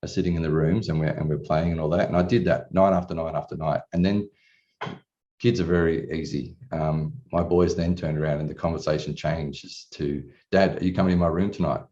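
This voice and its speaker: Bloke in his 40s, candid client story, deep dark voice, muffled distant recording. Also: fairly even intonation, a little fast. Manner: candid, rambling, swears casually. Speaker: coaching client. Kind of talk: personal story at a retreat. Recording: distant, dull room recording.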